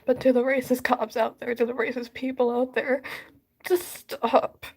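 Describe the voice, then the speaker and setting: A woman's voice: fairly high pitch, level tone, a little fast, darkish tone. A woman crying as she vents in a vlog, sighing and dropping into whispers. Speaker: vlogger. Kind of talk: emotional vlog rant.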